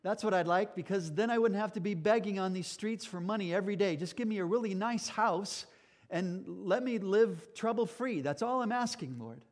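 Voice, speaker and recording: A man's voice: high-pitched, normal speed, in a large hall, pitched above the performer's own voice, natural voice. A man voicing a blind male beggar who pleads eagerly and rambles, correcting himself as he asks for things. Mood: pleading.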